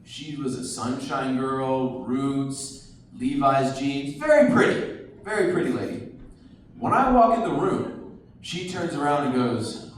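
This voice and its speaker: Stand-up comic, man, animated storyteller, bouncy delivery, roomy distant club recording. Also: medium pitch, measured pace, slight background noise. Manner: animated storytelling, acting out the people in his story. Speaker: stand-up comedian. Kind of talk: stand-up comedy set. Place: comedy club stage with a live audience. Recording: roomy club sound, mic heard from a distance.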